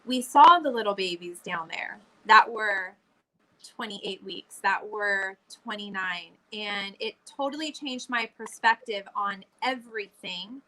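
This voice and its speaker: A woman's voice: medium pitch, unhurried, sharp tone, low-quality recording. A young adult woman chatting casually, recounting her experience in an earnest, reflective way. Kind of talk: casual chat.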